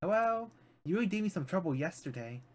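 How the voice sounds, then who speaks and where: A man's voice: high-pitched, expressive, fast, pitched above the performer's own voice. A man voicing a smiling, sinister young girl from a visual novel, sweet and teasing.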